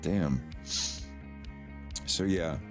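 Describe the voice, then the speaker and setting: A man's voice: sits low, extremely slow, music in the background. A man chatting casually on a live stream, rambling and swearing as he demonstrates mouth sounds.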